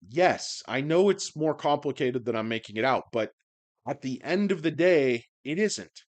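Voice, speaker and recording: Hoarse, profane man ranting about stocks. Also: a little high, sing-song, a little fast. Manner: profane, rambling, sardonic, swings into loud rants. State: hoarse, voice worn out. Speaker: stock video host. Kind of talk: rambling stock-market video monologue. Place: indoors under bright lights.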